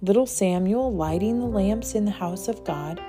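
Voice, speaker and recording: A woman narrating a children's audiobook in a gentle, measured storytelling manner. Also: mid-range voice, music in the background. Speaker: audiobook reader.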